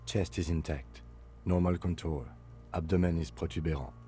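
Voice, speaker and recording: Calm, clinical police lieutenant. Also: male voice, low-pitched, slightly rough. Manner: measured, clinical, dry. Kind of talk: video game voice acting. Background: faint game music.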